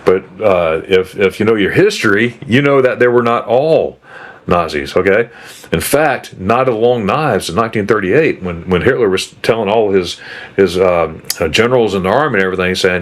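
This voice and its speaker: A man's voice: fairly low pitch, expressive, moderate pace. A man in his fifties from the United States, hosting a travel channel and telling stories in a rambling, casual way with many restarts and asides. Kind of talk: casual chat.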